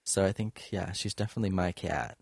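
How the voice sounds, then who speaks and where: A man's voice: low-pitched, steady tone, a little fast, vocal fry, breathy edge, no room sound, clean studio sound. A man chatting casually and rambling a little, with many fillers. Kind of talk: casual chat.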